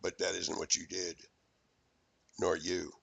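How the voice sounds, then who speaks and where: A man's voice: sits low, little pitch movement, a little slow, creaky, fairly bright tone, husky, no room sound. A man in a rambling, profane, accusatory recorded rant.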